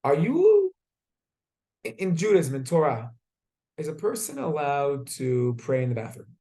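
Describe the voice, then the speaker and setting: A man teaching a class, asking students questions and telling stories in a lively way. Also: medium pitch, moderate pace. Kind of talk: classroom lesson with storytelling.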